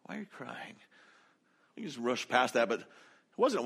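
A man's voice: mid-range voice, expressive, normal speed, gravelly, a bit bright. A man preaching a sermon as pastor, earnest and conversational, acting out quoted lines with feeling.

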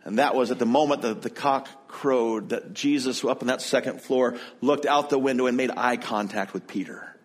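A man's voice: medium pitch, normal speed, few pauses. A man preaching a sermon, retelling a scripture story in a conversational, storytelling manner. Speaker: pastor.

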